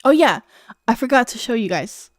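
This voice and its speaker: A woman's voice: a little high, animated, normal speed, no room sound, studio quality. A young adult woman streaming a game, chatting casually, rambling and laughing as she gets sidetracked. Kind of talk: casual gameplay stream chat.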